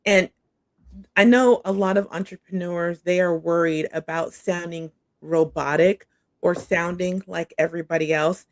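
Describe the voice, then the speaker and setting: A woman's voice: lowish voice, steady tone, measured pace, no room sound, studio quality. A middle-aged woman, a guest coach, chatting casually in a bubbly way and often saying "like" and "awesome.". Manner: bubbly, says "like" and "awesome" a lot. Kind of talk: casual interview chat.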